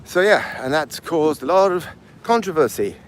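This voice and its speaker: A man's voice: a little high, expressive, moderate pace, slight background noise. A man in his fifties with a mixed English accent, out of breath while walking uphill outdoors and chatting on a live stream. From England. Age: 50s. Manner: rambling, answers chat comments aloud. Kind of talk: casual live stream chat.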